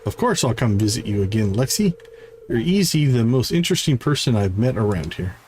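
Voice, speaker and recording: A shy young man, hesitant and gentle, speaking in a lively but soft-edged way, as a man voices him. Faint ambience sits behind the voice. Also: mid-range voice, fairly quick, slight background noise, lightly acted. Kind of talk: reading game dialogue aloud in voices.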